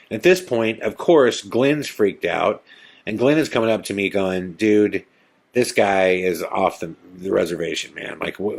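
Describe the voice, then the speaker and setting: A man's voice: fairly low pitch, a bit bright. A middle-aged man hosting a podcast, casually retelling a story and acting out what other people said. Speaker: podcast host.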